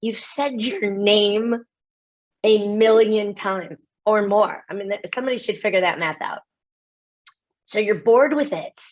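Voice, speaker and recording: This is an American keynote speaker in a webinar, animated, self-deprecating, and quick with asides. She speaks in a mid-range voice over slightly dull, lo-fi audio of the sort common to online talks.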